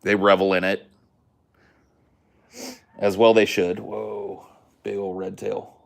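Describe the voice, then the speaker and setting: Deep-voiced American man, casual and profane. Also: flat delivery, takes it slowly, vocal fry. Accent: mix of rural American and General Californian. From United States. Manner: profane, rambling, puts on mock accents. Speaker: podcast co-host. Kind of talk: casual chat.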